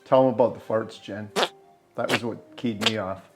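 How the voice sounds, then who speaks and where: A man's voice: lowish voice, steady tone, moderate pace, a little mellow, faint music behind. A man making an earnest, plain-spoken appeal to camera as a documentary filmmaker.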